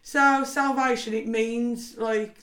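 A woman's voice: on the high side, fairly even intonation, slow pace, fairly bright tone. A woman with a Scouse accent, a personal trainer chatting as a podcast guest, talking freely with lots of fillers and frequent laughs. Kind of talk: casual podcast chat.

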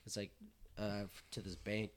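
A man's voice: on the low side, little pitch movement, normal speed. A man casually telling a rowdy story to friends, swearing and laughing as he goes.

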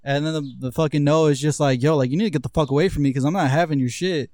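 A young man rattles through a story at a quick clip, swearing freely and acting out everyone's lines. His voice sits a little high. The recording is dry and close. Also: darkish tone, dry recording. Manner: fast, profane, acts out voices in quotes. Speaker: podcast co-host. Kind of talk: casual storytelling chat.

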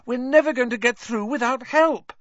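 A man's voice: extremely high pitch, moderate pace, no room sound, highs cut off, voice pushed up. A man voicing a determined teenage schoolboy wizard who speaks in a grim, panting, urgent way.

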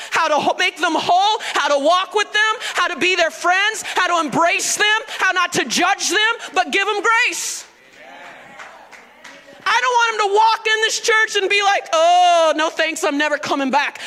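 High bright-voiced woman preaching. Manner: emphatic call-and-response preaching. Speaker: pastor. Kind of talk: sermon. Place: church sanctuary.

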